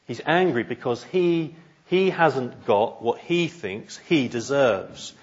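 Husky-voiced male preacher. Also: medium pitch, darkish tone, muffled recording. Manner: earnest, emphatic, rhetorical questions. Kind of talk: sermon.

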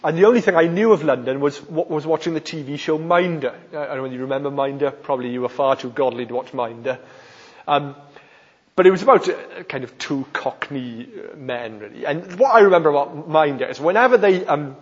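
Heard through long hall reverb and a dull-sounding recording, a Welsh-accented man from South Wales delivers a sermon, stressing key phrases emphatically. His husky voice sits on the high side and moves a little fast.

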